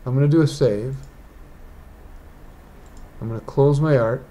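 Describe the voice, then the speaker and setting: Digital artist, male, mellow tone; meandering, talks to himself while working. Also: mid-range voice, unhurried. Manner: rambling, thinks aloud. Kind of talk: casual painting tutorial. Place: indoors, rain outside.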